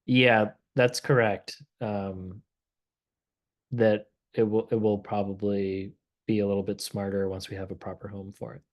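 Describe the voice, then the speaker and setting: A man hosting a casual software demo livestream, relaxed and thinking aloud as he clicks through the tool. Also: on the low side, measured pace. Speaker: host of a product livestream.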